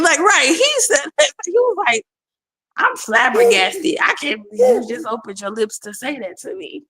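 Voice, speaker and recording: Woman, 40s, high voice, gravelly, giggly rambling storytelling. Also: big pitch swings, unhurried, fairly bright tone. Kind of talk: casual storytelling.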